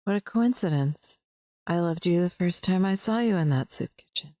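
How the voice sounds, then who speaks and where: Woman player, low and dry, eager. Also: lively intonation, normal speed, warm tone, no room sound. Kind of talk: tabletop role-play.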